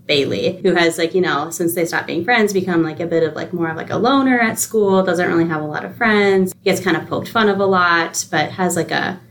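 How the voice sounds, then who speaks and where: A woman's voice: lowish voice, brisk, few pauses. A young woman co-hosting a podcast, chatting casually and retelling a movie plot with acted-out character lines. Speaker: podcast co-host. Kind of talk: casual film recommendation chat.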